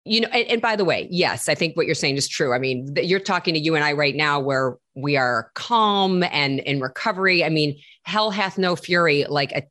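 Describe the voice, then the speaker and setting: A middle-aged woman with a low voice talks candidly as a guest. She is blunt and emphatic and swears in passing. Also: lively intonation, normal speed, few pauses, fairly bright tone. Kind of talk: candid conversation.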